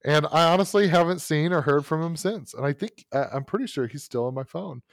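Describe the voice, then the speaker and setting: A man's voice: a little high, a little fast, gravelly, no room sound. Man, storyteller in casual chat, many restarts, dry sound. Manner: animated storyteller, lots of fillers and restarts.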